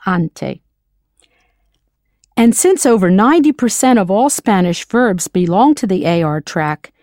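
Woman, language teacher, scripted lesson, patient, spells out words, animated pitch, dry sound. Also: no room sound.

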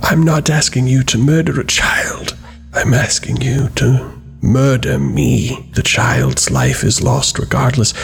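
A man voicing an emaciated female angel who speaks slowly and gravely, sometimes in a whisper. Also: mid-range voice. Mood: solemn. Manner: slow, grave, at times whispered.

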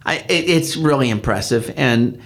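A man's voice: mid-range voice, normal speed. An older man with a Midwestern American accent, co-hosting a casual chat and telling stories in a rambling way, full of restarts. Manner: rambling, many restarts, animated retelling. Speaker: podcast co-host, county council member.

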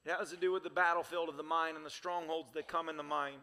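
Fervent high-voiced preacher, gravelly edge. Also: male voice, level tone, fast talker, pushed and bright. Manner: fervent preaching in rhythmic, repeated phrases. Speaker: pastor. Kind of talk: sermon. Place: church sanctuary. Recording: reverberant church hall.

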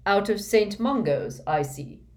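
A woman's voice: medium pitch, animated, a little slow, a little mellow, voice pushed up, close to an everyday voice. Snape, a woman playing a cold sneering professor.

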